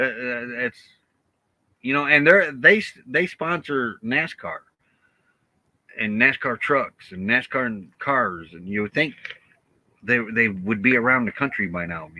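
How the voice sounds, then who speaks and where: Male co-host of a casual live stream, relaxed talker, bright voice, mid-range pitch. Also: dry recording, poor audio. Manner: laid-back, chatty, quick to laugh. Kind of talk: casual chat.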